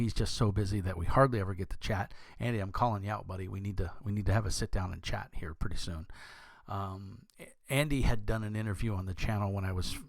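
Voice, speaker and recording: A young man with a deep voice, talking casually as a channel host, rambling with many fillers and restarts. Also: gravelly, dry recording. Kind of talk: casual talk to camera.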